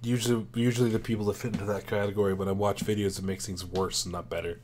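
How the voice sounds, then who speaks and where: A man's voice: lowish voice, level tone, fast, darkish tone, slight background noise. A man co-hosting a casual chat show, dry and teasing in his remarks. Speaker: podcast co-host.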